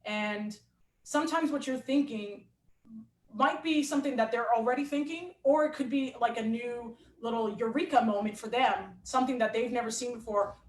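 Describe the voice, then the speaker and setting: Woman telling a story all animated, kinda high voice, roomy echo. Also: moderate pace. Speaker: athlete and coach guest. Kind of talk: casual storytelling in an interview.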